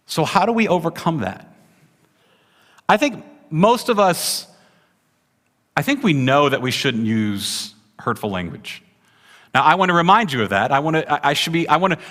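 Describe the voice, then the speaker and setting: A pastor with a slightly high, fairly bright voice preaches to a congregation in a large hall. His style is conversational and interactive, and he often checks in with "right?"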